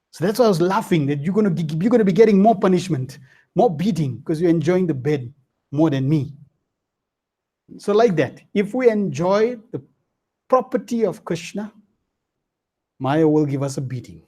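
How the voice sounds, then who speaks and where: A man teaching a spiritual scripture class, telling stories in a lively, slangy way with frequent "hmm?" checks. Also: a little high, moderate pace, long pauses.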